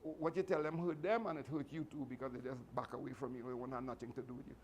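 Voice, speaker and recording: A man's voice: medium pitch, steady tone, fast talker, a little mellow, a little hiss or hum. A man, a martial arts instructor giving a motivational speech to his students, earnest and repetitive with many restarts. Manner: fatherly advice giving.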